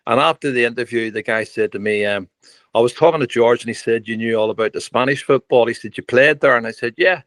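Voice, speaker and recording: An older man, a podcast guest telling lively stories full of quoted dialogue. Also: mid-range voice, fast, no echo. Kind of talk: anecdotal storytelling.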